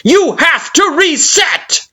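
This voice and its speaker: A man voicing a furious, vengeful child spirit who shouts with scathing scorn. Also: very high-pitched, big pitch swings, slow pace, pitched above the performer's own voice, full character voice. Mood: raging.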